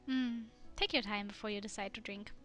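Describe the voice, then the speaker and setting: A woman's voice: medium pitch, steady tone, fairly quick, faint music behind, close to an everyday voice. A woman voicing a smug, cocky young man in a game, with dry teasing lines.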